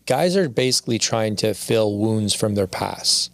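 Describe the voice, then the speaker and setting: A man's voice: on the low side, lively intonation, measured pace, dry recording. A man speaking as a podcast guest, telling his story in a candid, confessional way and often repeating his phrases.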